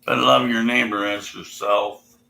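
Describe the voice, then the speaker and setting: Gravelly, profane, sarcastic man. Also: mid-range voice, flat delivery, unhurried, sharp tone, reverberant, poor audio. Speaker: atheist video commentator. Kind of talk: ranting commentary reading scripture.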